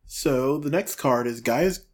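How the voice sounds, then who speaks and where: A man's voice: medium pitch, a little slow. A man co-hosting a podcast, chatting in a cheerful, gushing way with some fillers. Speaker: podcast co-host. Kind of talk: casual chat.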